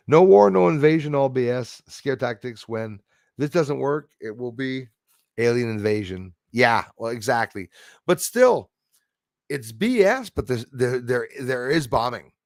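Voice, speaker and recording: Gravelly-voiced man hosting a livestream. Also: medium pitch, expressive, measured pace, darkish tone, dry recording, clean studio sound. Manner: rambling, opinionated, laughs at his own jokes. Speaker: livestream host. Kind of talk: casual livestream chat reading viewer comments.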